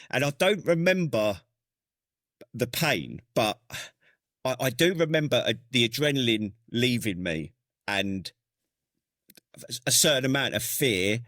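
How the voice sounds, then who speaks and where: A man's voice: mid-range voice, a bit bright, no echo, clean studio sound. A man hosting a podcast, a fellow veteran, chatting in a laid-back, sweary way. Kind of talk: casual interview chat.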